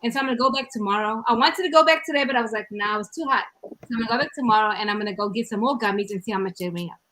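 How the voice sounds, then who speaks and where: Animated South African woman host. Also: on the high side, rapid-fire, poor audio. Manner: animated, emphatic storyteller. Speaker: podcast host. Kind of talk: casual chat.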